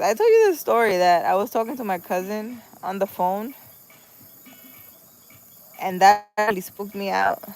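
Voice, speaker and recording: A woman's voice: medium pitch, creaky, poor audio. Chatty young woman telling a spooky story. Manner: chatty, repeats phrases, acts out quoted dialogue. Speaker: spiritual healer vlogger. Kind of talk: casual late-night storytelling.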